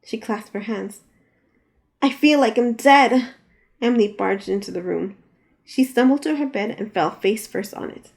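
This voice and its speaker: A woman's voice: moderate pace, vocal fry, darkish tone. A woman, the author, reading her novel aloud as an audiobook, lifting her voice for the characters' lines. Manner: reads dialogue with raised pitch and force. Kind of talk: audiobook narration.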